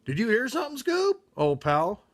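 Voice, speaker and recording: A man's voice: very high voice, wildly swooping pitch, normal speed, fairly bright tone, voice pushed up, exaggerated voice. A man voicing a cowardly, always-hungry young cartoon slacker who stammers and keeps saying "like". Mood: goofy. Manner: stammering, says "like" a lot.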